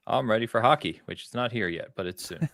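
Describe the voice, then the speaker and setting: A low-pitched American man hosts a casual gaming podcast, talking in a loose, rambling way full of fillers. The sound is dry and close. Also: no echo. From United States. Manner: relaxed, rambling storyteller with filler words. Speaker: podcast host.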